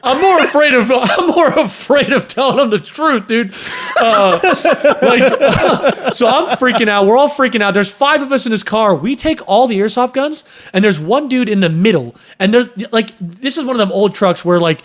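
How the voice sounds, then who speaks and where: A young man casually telling a story on a podcast, animated, cursing and acting out sounds and voices. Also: extremely high pitch, moderate pace. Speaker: podcast host.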